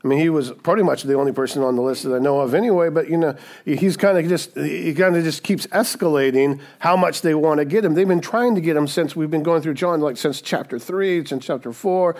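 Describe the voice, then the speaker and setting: A man delivers a sermon in a relaxed, conversational style with a slightly raised pitch. He drives his points home with emphasis and often checks in with his listeners. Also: a little fast, hardly any pauses. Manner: conversational, emphatic, with frequent "right?" asides. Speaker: pastor.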